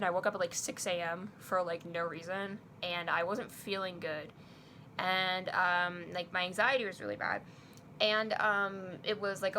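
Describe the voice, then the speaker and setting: A woman's voice: medium pitch, bright, forceful tone, a little hiss or hum. A young woman vlogger telling a personal story in a casual, chatty way, full of fillers, acting out both sides of a chat. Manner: chatty, many fillers, quotes herself and others.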